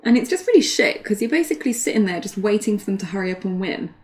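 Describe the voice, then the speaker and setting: A woman's voice: medium pitch, animated, fast talker, a little mellow. A woman, co-commentating a card game in casual chat and laughing often at herself. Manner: laughs often, self-deprecating.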